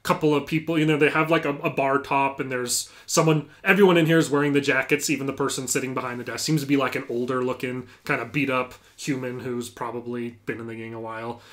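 A man running a tabletop game as game master, pitched in the middle of the male range. He narrates loosely and conversationally, scattering fillers and restarts through his descriptions. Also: little pitch movement, fast talker, few pauses, fairly bright tone. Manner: casual, filler-heavy narration with many "like"s.

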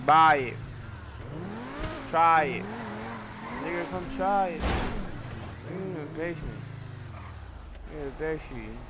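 A young man giving playful, excitable gameplay commentary, trash-talking and swinging from sudden shouts to low mutters. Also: unhurried, pauses often. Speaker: gaming YouTuber. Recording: loud game sounds behind the voice. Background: video game noise and vehicle sounds.

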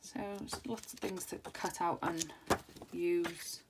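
A woman in her thirties hosts a crafting channel, chatting through a haul video in a low-side, steady voice, taking it slowly. She's casual and enthusiastic, rambling with plenty of fillers, and the home recording is noisy.

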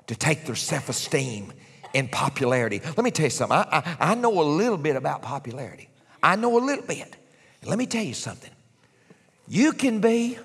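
Animated preacher in a big hall. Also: male voice, high-pitched, slightly rough. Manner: animated preaching, swings from hushed whispers to shouts. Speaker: pastor. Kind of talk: sermon. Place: large church sanctuary. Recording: long church hall reverb.

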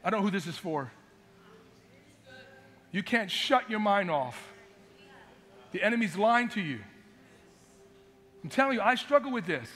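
Male pastor, fiery sermon delivery, high bright voice, long church-hall echo. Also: sing-song, moderate pace, pauses often. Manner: impassioned preaching, swinging from shouts to quiet asides. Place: church sanctuary.

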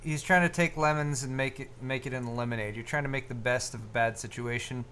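A man's voice: medium pitch, fairly even intonation, fast, sharp tone, slight background noise. Rambling, jokey man on a live tech show. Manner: rambling and jokey, with many fillers and restarts. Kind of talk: casual live-stream banter.

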